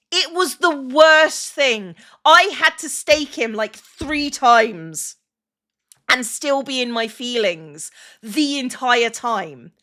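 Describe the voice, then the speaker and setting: A woman's voice: on the high side, pushed and bright. A woman, a streamer, chatting casually and emotionally on a livestream. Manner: chatty and emotional, with many restarts and "like" fillers.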